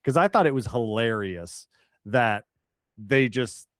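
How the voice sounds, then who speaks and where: A man co-hosting a film podcast, relaxed and chatty, laughing often. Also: medium pitch, takes it slowly, no echo. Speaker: podcast co-host. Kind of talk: casual chat.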